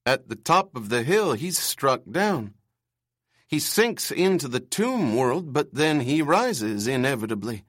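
A timid, earnest young man, as a male narrator puts him on, speaking a little higher than the reader's own voice. He trips into stammers on his words and talks with a shy sincerity. The reading is close and dry. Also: very animated, a little slow, a bit bright, dry recording.

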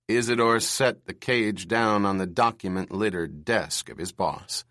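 A man giving a measured, expressive audiobook narration of a novel. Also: lowish voice, dry recording, studio quality.

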